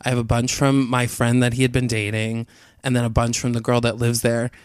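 A man rambles through a chaotic anecdote, full of "like" and little asides. His voice is smooth and resonant at a middle pitch. The sound is close and dry. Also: flat delivery, fairly quick, no room sound. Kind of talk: casual chat.

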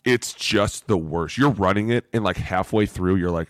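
A man co-hosting a casual podcast, telling lively, profane stories between laughs. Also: sits low, normal speed, few pauses, dry recording. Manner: animated, profane storytelling with laughs. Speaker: podcast co-host, former lineman.

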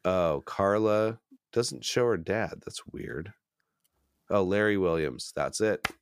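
Very deep-voiced man chatting casually. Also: slow pace, clean tone, no room sound, studio quality. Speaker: podcast co-host. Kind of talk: casual chat.

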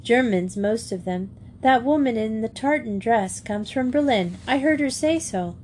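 A woman's voice: fairly high pitch, lively intonation, measured pace, a little mellow, a little hiss or hum. A woman doing a knowing schoolgirl.

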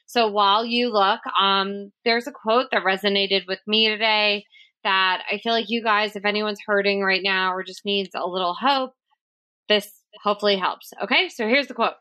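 A woman's voice: medium pitch, fairly even intonation, moderate pace. A woman hosting a podcast, chatting casually with lots of fillers. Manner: chatty, many fillers, warm-hearted reading. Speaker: podcast host.

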